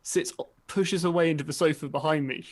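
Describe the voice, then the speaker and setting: Give me a man with a gravelly voice telling a relaxed story over a video call. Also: a little high, a little fast. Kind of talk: casual chat. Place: home.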